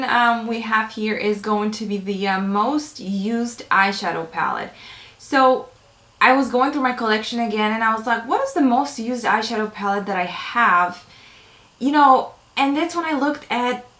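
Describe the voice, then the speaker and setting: Chatty woman beauty vlogger, gravelly edge. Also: a little high, a bit bright, roomy sound. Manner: chatty, enthusiastic, many fillers. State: a little out of breath. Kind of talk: casual chat to camera.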